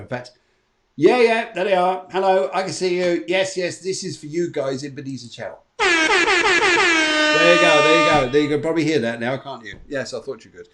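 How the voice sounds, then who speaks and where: A man's voice: mid-range voice, a little mellow. A man hosting a live streamed show as a medium, chatting and greeting viewers by name in a casual way. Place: home in Spain.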